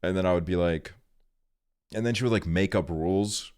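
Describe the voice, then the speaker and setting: A man's voice: sits low, normal speed, a little mellow, smooth. A young man streaming, telling a rambling story in a laid-back way and swearing often.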